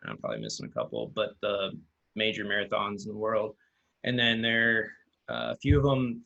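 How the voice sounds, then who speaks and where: A man speaking as an interview guest, calm and matter-of-fact as he tells his story. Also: lowish voice, creaky, poor audio. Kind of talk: casual interview chat.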